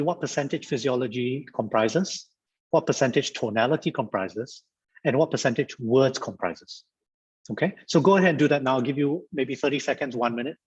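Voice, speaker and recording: A man from Singapore leads a mediation workshop over a video call, his voice husky and the sound a little dull. He repeats phrases and banters like an auctioneer, keeping a lively classroom pace. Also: mid-range voice. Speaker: guest speaker at a mediation training. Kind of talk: interactive online lecture.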